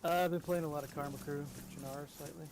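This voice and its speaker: Quiet man on noisy game voice chat. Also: steady tone, rapid-fire. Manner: quiet, low-key, brief replies. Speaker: fellow player.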